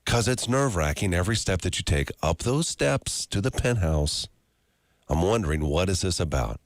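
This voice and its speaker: Male morning radio host, deep voice with lots of swing, casual joking banter. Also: moderate pace, no room sound, studio quality. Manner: storytelling, animated and joking. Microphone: studio microphone.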